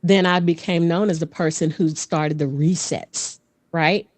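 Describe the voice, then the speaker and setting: Animated woman telling stories, laughing. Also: fairly low pitch, unhurried, dry recording. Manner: animated, laughs often, slips into character voices. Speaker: guest, vocal coach and voice actor. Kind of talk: casual podcast storytelling.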